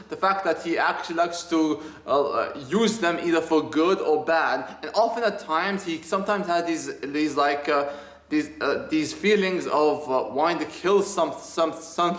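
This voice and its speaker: A man's voice: a little high, reverberant. A man giving a casual spoken review of a video game, rambling and enthusiastic with many restarts.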